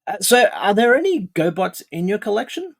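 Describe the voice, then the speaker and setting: A podcast host with a high, very animated voice and some vocal fry speaks a little fast, asking his guest questions in a friendly, rambling way. It's a casual interview, and he restarts his sentences often.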